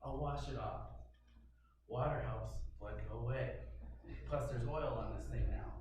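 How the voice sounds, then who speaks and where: A man telling a personal story to an audience in animated, dramatic fashion, with sudden loud outbursts. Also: mid-range voice, unhurried, a little hiss or hum. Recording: very echoey room, mic far off.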